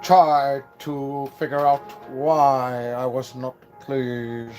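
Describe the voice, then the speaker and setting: Man putting on a slow, haughty drawl. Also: mid-range voice, level tone, a little mellow. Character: stern drawling man scolding a boy. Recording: clear background music.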